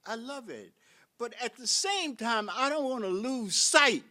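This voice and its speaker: An older man, a professor, giving a reflective conference lecture full of rhetorical questions, halting now and then with fillers and restarts. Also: very high voice, animated, bright, forceful tone. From United States.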